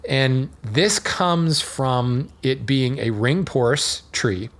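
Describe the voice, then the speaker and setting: A man's voice: medium pitch, lively intonation, takes it slowly. A man hosting a podcast, explaining a topic in a chatty, digressive monologue with fillers and small laughs. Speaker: podcast host.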